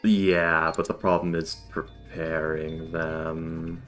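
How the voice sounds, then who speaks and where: A man's voice: a bass voice, flat delivery, slow, a bit bright, soft background music. A man hosting a tabletop game stream, chatting casually in a wry, rambling way. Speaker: streamer and player.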